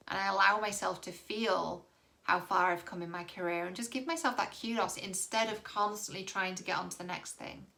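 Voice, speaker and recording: A woman dating coach speaks to her viewers with a somewhat low, gravelly voice and a bright tone. She is candid and reassuring, and lets a casual swear slip now and then. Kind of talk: direct-to-camera advice vlog.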